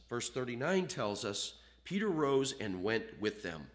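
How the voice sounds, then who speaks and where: Male preacher, animated sermon delivery, voice rising and falling widely, acts out dialogue. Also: mid-range voice, moderate pace, few pauses. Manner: animated, acts out quoted voices, reads scripture aloud.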